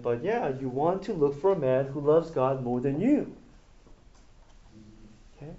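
A high-voiced man preaches to a gathered group and keeps asking them to call out the end of each verse. The recording is dull and lo-fi, and the room echoes around him. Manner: call-and-response, animated, asks the room to finish verses. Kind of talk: sermon.

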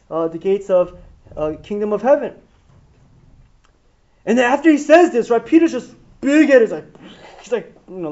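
High-voiced man teaching scripture, lo-fi. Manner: animated storytelling, acting out quotes with shifting loudness. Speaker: pastor. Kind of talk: casual Bible teaching to a small group. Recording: dull lo-fi room recording.

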